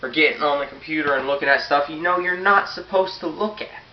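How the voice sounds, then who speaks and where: A man's voice: on the high side, fairly quick. Teenage boy preaching in an echoey hall. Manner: earnest and blunt, reads scripture aloud. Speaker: youth preacher. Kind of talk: sermon. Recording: roomy, dull, hissy, far from the mic.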